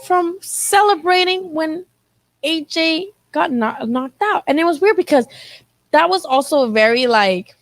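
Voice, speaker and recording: Woman, high voice, dry close sound, animated, casual live-stream host, swears a lot. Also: normal speed, no echo, rough recording. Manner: animated, swears freely, acts out quotes. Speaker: boxing channel host.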